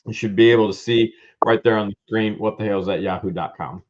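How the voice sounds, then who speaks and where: A man hosting a live-stream auction, loudly calling out lots and prices with excitement. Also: lowish voice, fast talker, dull audio. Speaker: livestream auction host.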